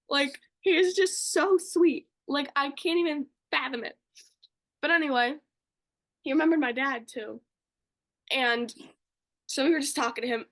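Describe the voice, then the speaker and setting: Young woman podcaster, high voice, gushing about her day, lots of likes. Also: fairly bright tone. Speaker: podcast co-host. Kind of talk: casual storytelling.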